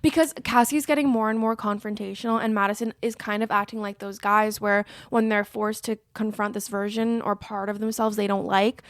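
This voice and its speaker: A woman's voice: medium pitch, fairly even intonation, fairly quick, hardly any pauses, no echo. A young woman co-hosting a podcast, casually retelling film scenes and acting out the characters' lines. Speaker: podcast co-host. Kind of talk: casual film recap chat.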